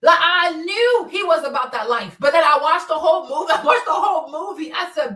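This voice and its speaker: A woman with a high voice gives loose, profane livestream commentary that swings from loud outbursts to low mutters. She sits a little back from the mic, and the room around her is roomy and echoey. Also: animated, brisk, few pauses, distant mic. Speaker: livestream host. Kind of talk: casual unscripted commentary. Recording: roomy echo, voice a bit off-mic.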